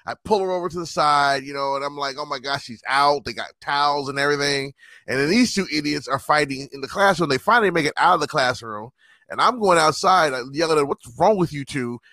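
A man telling stories in a casual chat, animated and acting out the people he quotes. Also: on the high side, fairly quick, no echo, clean studio sound. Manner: animated storyteller, acts out quoted voices.

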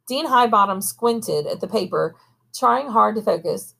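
A woman reading a novel aloud at a steady pace, now and then pausing to correct herself. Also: mid-range voice, creaky. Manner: steady reading with occasional coughs and self-corrections. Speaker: audiobook reader. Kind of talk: amateur audiobook reading.

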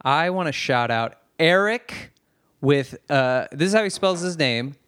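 A man co-hosting a podcast, telling stories in a lively, casual way with plenty of swearing. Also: fairly high pitch, measured pace, clear, resonant tone, no room sound. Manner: animated storyteller, swears freely. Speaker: podcast co-host. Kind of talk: casual chat.

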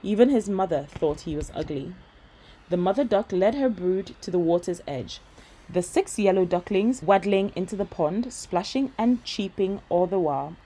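A woman reading a bedtime story aloud in a gentle, steady voice. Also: mid-range voice, normal speed, husky, low-quality recording.

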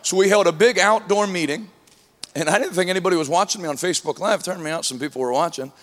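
A man preaching a sermon to a congregation, telling humorous stories and at times rising to shouts. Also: high voice, fast. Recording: long hall reverb.

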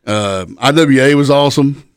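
A man's voice: medium pitch, moderate pace, smooth, no room sound, studio quality. A middle-aged man, a former wrestler, telling rambling, profane backstage stories in casual chat. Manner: laid-back, profane, rambling anecdotes. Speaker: guest, retired pro wrestler. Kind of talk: casual storytelling.

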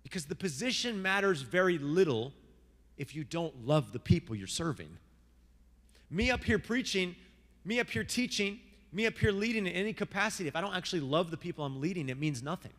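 A man preaching a sermon as pastor, passionate, with big swings between loud, high lines and quiet, low ones. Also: animated, fairly quick. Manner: passionate, rises and drops sharply in pitch and volume. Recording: long hall reverb with guitar music.

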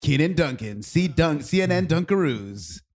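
Lively joking male podcast host. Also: fairly high pitch, moderate pace. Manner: jokey, laughing, riffs on nicknames. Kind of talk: casual banter.

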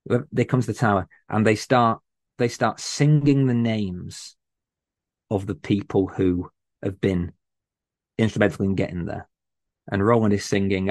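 A man's voice: lowish voice, moderate pace, long pauses, a little mellow, dry recording. A man, a guest on a podcast, chatting casually and talking with earnest passion about a favorite book character. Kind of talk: casual chat.

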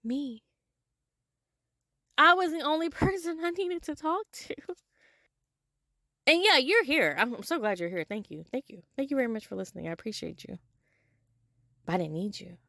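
A woman hosting a solo podcast, talking in an animated, casual way with some swearing, swinging from loud to soft. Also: on the high side, brisk, gravelly, long pauses, dry recording, studio quality. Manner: casual, with profanity and y'all. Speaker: podcast host. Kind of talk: solo motivational podcast monologue.

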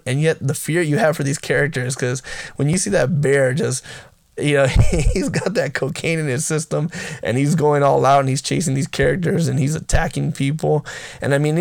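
A man's voice: on the high side, gravelly, no echo. A man giving a casual, enthusiastic spoken film review, rambling with restarts and laughing often as he talks. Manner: laughs often while talking. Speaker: movie reviewer.

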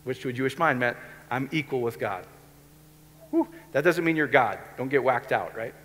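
Chatty preacher in an echoing hall. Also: male voice, medium pitch, animated, moderate pace, a bit bright, a little hiss or hum. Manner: conversational, keeps checking in with the audience. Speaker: pastor. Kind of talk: sermon. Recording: long hall reverb.

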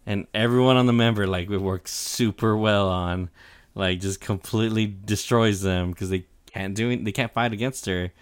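In a smooth, lowish voice with a steady tone and normal speed, a young man talks casually on a podcast, recapping an anime. He's easygoing, peppers his speech with "like," swears, and laughs, and the recording is dry.

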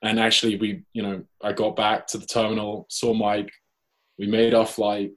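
A man with a British accent, a guest telling a lively anecdote in casual chat and acting out the quoted lines. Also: lowish voice, normal speed. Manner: lively anecdote, acts out his own and others' quoted lines. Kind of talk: casual storytelling.

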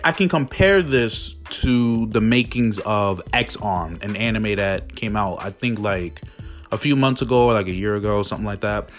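A man's voice: fairly low pitch, a bit bright. A man reviewing a show in a casual, profane, exasperated rant full of fillers, with faint music behind him. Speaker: video reviewer.

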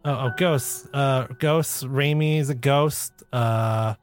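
A man's voice: medium pitch, slow, few pauses, faint music behind. A man co-hosting a podcast, chatting playfully and laughing easily. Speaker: podcast co-host. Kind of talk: casual podcast chat.

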